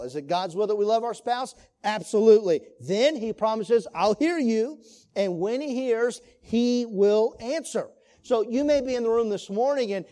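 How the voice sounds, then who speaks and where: Earnest high-voiced man teaching a class. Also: warm tone. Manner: earnest, asks the class questions. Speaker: Sunday school teacher. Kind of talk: sermon.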